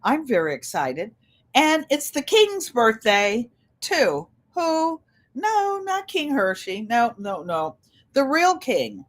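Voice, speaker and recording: Hosting her own channel, a Connecticut woman in her 70s streams live from an indoor room at home where a big air conditioner sits, picked up by her computer microphone. She talks in a fairly high, sing-song voice, slowly, spinning stories for viewers she addresses as "you guys."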